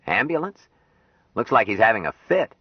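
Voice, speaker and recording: A man reading an audiobook, voicing a brisk, concerned zoo attendant. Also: mid-range voice, big pitch swings, husky, no echo, voice pushed up. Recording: dry, dull lo-fi audiobook recording.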